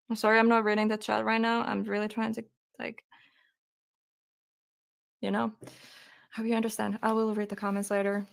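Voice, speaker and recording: A woman's voice: medium pitch, completely flat delivery, normal speed, gravelly, long pauses, no echo. A woman hosting a true crime live stream, telling the case hesitantly and apologizing while holding back tears.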